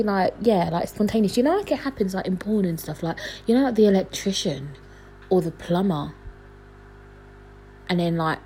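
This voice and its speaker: A young woman, hosting a casual solo podcast from home at night, rambling and chatty with lots of fillers and laughs, talking quietly. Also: mid-range voice, slight background noise, low-quality recording. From London. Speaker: podcast host.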